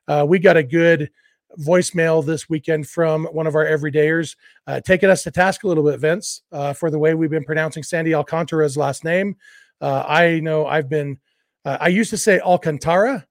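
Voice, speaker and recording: A man's voice: fairly high pitch, no echo, studio quality. A man in his forties hosting a sports podcast, talking in a chatty, conversational way with plenty of "uh" fillers. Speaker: podcast host. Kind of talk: casual podcast talk and read ads.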